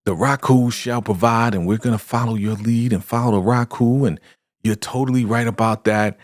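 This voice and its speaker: A man voicing a fawning, scheming woman cult leader in a sugary falsetto. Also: steady tone, moderate pace, no echo, studio quality, close to an everyday voice.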